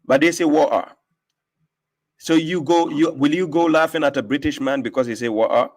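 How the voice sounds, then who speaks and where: In a casual live-stream debate, a religion-talk host lectures emphatically and quickly, frequently asking his listener rhetorical questions. His voice runs a little high.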